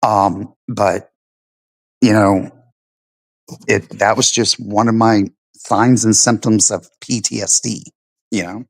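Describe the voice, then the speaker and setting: A man's voice: on the low side, steady tone, slow, creaky, pauses often, dry recording, rough recording. A middle-aged man, a veteran, chatting casually on a stream and telling stories, laid-back and swearing, full of "you know" and "right". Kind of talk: casual chat.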